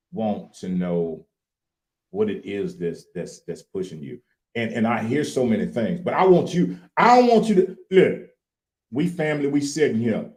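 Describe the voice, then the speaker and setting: Folksy man co-hosting. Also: lowish voice. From Louisiana. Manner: animated, repeats "look here", folksy. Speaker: co-host. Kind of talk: casual chat.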